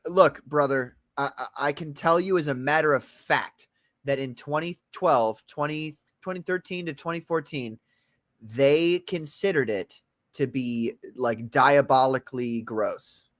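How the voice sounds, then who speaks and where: A man's voice: medium pitch, unhurried, fairly bright tone, dry recording. A man hosting a casual podcast chat, joking and laughing often as he tells stories. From North America. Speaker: podcast host. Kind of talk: casual banter.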